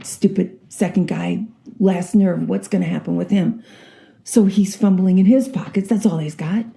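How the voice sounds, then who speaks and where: Woman in her sixties, vlogger, chatty storyteller, low gravelly voice. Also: moderate pace. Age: 60s. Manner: chatty, rambling, animated storyteller. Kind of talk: casual joke telling.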